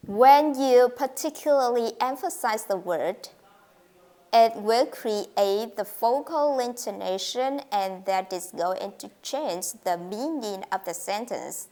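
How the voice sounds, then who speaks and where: A woman's voice: a little high, lively intonation, slow, dark tone. A woman teaching an English pronunciation lesson, speaking carefully and modeling intonation with example sentences.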